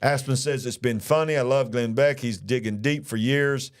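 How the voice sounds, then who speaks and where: A man's voice: medium pitch, moderate pace. Folksy southern guy reading comments off a livestream, joking around, medium voice. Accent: Southern American. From Alabama. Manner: folksy, jovial, reads viewer comments aloud. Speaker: co-host of a ministry news show. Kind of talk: casual live-stream chat reading comments.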